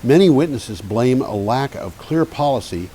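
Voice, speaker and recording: A man's voice: mid-range voice, expressive, moderate pace, mellow. A man co-hosting an energy news show, chatting casually and telling stories with frequent laughs. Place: community TV studio. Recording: faint hiss.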